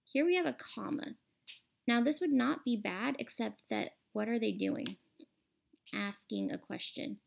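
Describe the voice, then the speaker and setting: A woman's voice: on the high side, animated, unhurried, gravelly. A woman teacher explaining a grammar lesson patiently and step by step over a screen recording.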